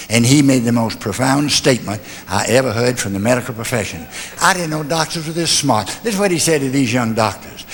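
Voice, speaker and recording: An older man giving a motivational talk, telling homespun stories with humor and rhetorical questions. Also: on the low side. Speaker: motivational speaker. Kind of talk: folksy speech with stories and jokes. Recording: long hall reverb.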